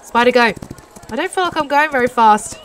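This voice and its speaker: A young British woman giving excitable commentary while playing a horse racing game, urging her horse on. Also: high voice, fast talker, a little hiss or hum. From Britain. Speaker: gaming YouTuber. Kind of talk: live gameplay commentary.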